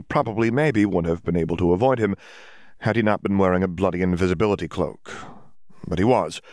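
A man reading a fantasy story aloud as an audiobook narrator, in a steady storytelling read on a close mic. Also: low-pitched, no room sound. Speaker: audiobook reader. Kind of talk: scripted narration.

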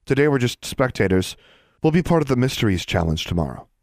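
A man voicing an earnest, kind young schoolgirl in an audiobook, gentle and a little hesitant. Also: mid-range voice, very animated, fast, no echo, studio quality, voice pushed up. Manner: gentle and chatty, slightly hesitant.

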